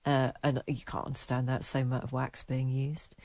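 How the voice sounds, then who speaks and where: A woman's voice: extremely low pitch, little pitch movement, moderate pace, no echo. A middle-aged woman co-hosting a chat podcast, teasing her partner and reading out listener emails. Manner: warm teasing banter. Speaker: co-host.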